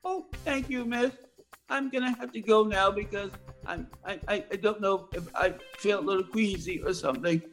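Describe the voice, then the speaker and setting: A woman's voice: medium pitch, faint music behind, natural voice. A woman putting on a frail, stammering post-surgery patient. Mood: weak, grateful. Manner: halting, stammering, breathless. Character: her frail, dazed self after surgery, fragile.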